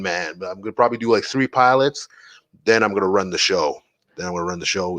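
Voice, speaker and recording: A man's voice: low-pitched, fast, a bit bright, no room sound. A man hosting a casual podcast, rambling and swearing, full of fillers like "like" and "man". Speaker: podcast host. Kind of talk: casual solo podcast chat.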